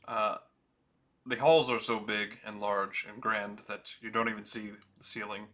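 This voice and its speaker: A man running a tabletop game as game master, describing scenes in an unhurried way with fillers. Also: lowish voice, fairly even intonation, fairly bright tone.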